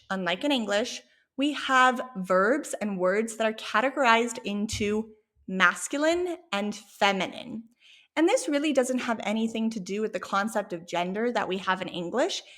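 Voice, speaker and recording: A woman's voice: on the high side, a bit bright. A woman teaching an online language lesson, encouraging and repeating words for learners to echo back. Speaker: Spanish teacher.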